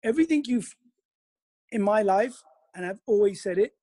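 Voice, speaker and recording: A man's voice: high voice, lively intonation, normal speed, warm tone, no room sound, studio quality. A man talking as a guest in a casual chat, giving emphatic advice. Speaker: guest, businessman.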